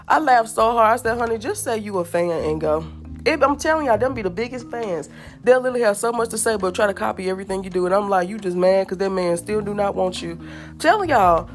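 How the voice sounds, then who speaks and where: A woman hosting a podcast, telling personal stories in a blunt, candid, casual way and often addressing listeners directly. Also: mid-range voice. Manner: blunt, candid storytelling, repeats "I'm telling y'all". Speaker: podcast host. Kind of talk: casual monologue.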